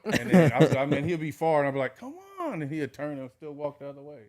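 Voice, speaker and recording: Middle-aged dog-breeder guy, lively storyteller, casual chat. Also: on the high side, quick pace, over a noisy crowd. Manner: animated storyteller, frequent "you know what I'm saying".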